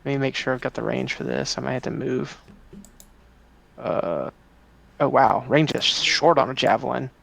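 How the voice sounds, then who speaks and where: Player, man, gravelly mid-pitched voice, talks through his options, groans at misses. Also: steady tone, normal speed, pauses often, a bit bright. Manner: gravelly, thinks aloud, sighs and groans at bad luck. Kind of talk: casual tabletop game chat.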